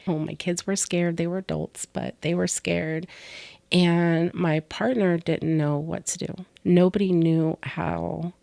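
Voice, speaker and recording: Gravelly low-voiced woman telling her story. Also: fairly even intonation, takes it slowly, dry recording. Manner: candid, soft-spoken, drops to whispers on painful moments. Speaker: podcast co-host. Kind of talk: personal storytelling.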